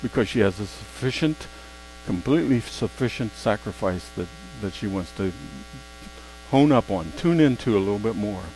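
A man preaching a sermon, swinging between quiet, slow asides and loud, emphatic exclamations. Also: lowish voice, animated, slight background noise, low-quality recording.

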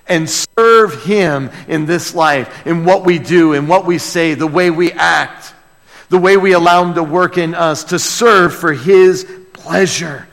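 A man's voice: a little high, measured pace, fairly bright tone, in a large hall. A man preaching a sermon as pastor, talking directly to his congregation and asking them questions. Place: church.

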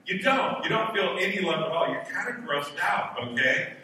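A man's voice: on the high side, lively intonation, normal speed, pushed and bright, a little hiss or hum. A man preaching a sermon in a conversational, humorous way. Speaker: pastor. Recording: echoey hall from far off.

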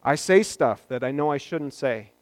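A man's voice: medium pitch, animated, moderate pace, no room sound. A man preaching a sermon as a pastor, talking in a conversational way with joking asides.

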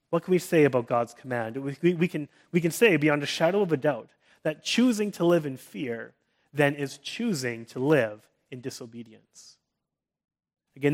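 Earnest male pastor in his thirties, sermon delivery, a touch high-pitched, sinks to a gentle hush when reassuring. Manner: earnest, with frequent restarts; drops to a soft hush for comforting quotes.

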